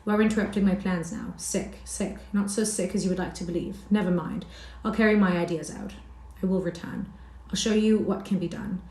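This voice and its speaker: A woman's voice: on the low side, steady tone, a little fast, hardly any pauses, darkish tone, lightly acted. A woman reading the lines of a sick but grandiose man, bitter and contemptuous. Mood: defiant. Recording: roomy echo.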